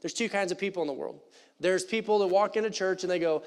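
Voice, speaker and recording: A man preaching a sermon in a church, animated and conversational with playful asides. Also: sits high, fast talker. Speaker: pastor. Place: church sanctuary.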